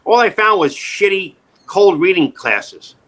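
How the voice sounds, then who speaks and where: A man's voice: high-pitched, unhurried. A middle-aged man, an acting coach, talking in an emphatic, repetitive way in a casual interview. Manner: emphatic, repetitive, animated storytelling.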